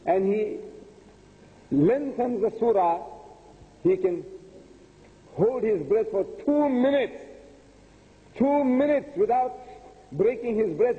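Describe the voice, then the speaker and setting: An older man giving a religious lecture, talking emphatically, repeating his points and asking the audience rhetorical questions. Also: high voice. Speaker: preacher. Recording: tinny phone-like audio in a long-reverb hall.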